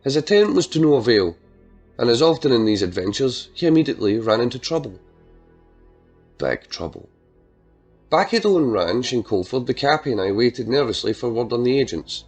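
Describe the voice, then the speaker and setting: A man reading a dark crime story aloud as narrator, measured and dramatic. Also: mid-range voice, sing-song, breathy edge, soft background music. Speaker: audiobook narrator.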